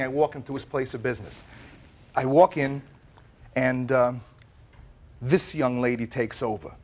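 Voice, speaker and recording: A man, the plaintiff in a small claims court show, animatedly recounting his case and acting out what others said. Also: a little high. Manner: dramatic, acts out quoted dialogue. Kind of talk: animated storytelling testimony.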